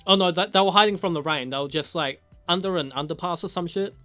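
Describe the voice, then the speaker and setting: A young man recaps a TV episode in a loose, rambling, foul-mouthed way, breaking into laughter now and then. His voice sits a little on the high side. Soft music plays faintly underneath. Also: fast. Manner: casual, heavy swearing, laughs often. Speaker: TV show reviewer. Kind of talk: casual spoken review.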